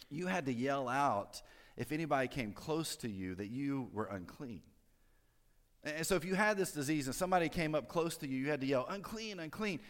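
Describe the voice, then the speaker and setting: Pastor, man, mid-pitched, chatty sermon delivery with asides, long church-hall reverb. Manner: conversational preaching with frequent fillers and joking asides. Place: church sanctuary.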